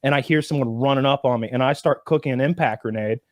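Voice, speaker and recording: A man in casual podcast chat, telling a gaming story with animated delivery and lines acted out in a raised voice. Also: quick pace, no room sound, clean studio sound. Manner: animated storytelling, acts out other players' lines in a higher voice.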